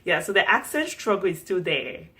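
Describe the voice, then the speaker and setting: A young woman with a Cameroonian accent tells a story to camera with animated expression. Her voice sits on the lower side for a woman. She delivers it as a lively, chatty storytime vlog. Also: moderate pace. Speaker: vlogger.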